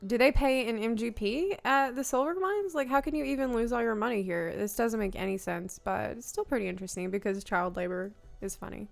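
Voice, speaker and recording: A woman streamer giving unscripted, wry and playful commentary while touring a game world, cracking deadpan jokes. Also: on the high side, a little fast, vocal fry, few pauses, soft background music.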